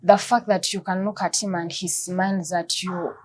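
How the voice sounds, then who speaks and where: A woman's voice: fairly low pitch, steady tone, moderate pace, a little mellow. A woman speaks earnestly as an interview guest, often repeating words while she searches for what to say next. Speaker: guest talking about her husband's illness. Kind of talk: emotional interview talk.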